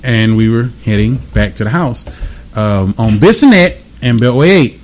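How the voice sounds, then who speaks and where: A man in his twenties with a drawl, rambling through profane stories among friends. His pitch swings widely from phrase to phrase. He talks like a host holding court. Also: animated, normal speed, darkish tone. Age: 20s. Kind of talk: casual chat.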